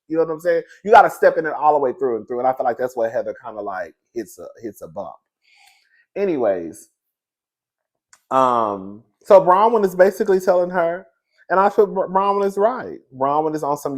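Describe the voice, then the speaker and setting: Sassy animated man recapping reality TV. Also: mid-range voice, normal speed. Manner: sassy, animated, laughs often, acts out quotes. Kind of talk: casual solo review chat.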